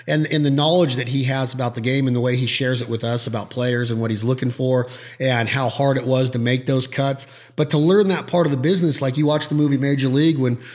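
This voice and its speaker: A man hosting a podcast, talking casually and acting out quoted people as he tells stories. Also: medium pitch. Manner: animated storyteller who acts out quoted voices. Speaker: podcast host. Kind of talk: casual chat.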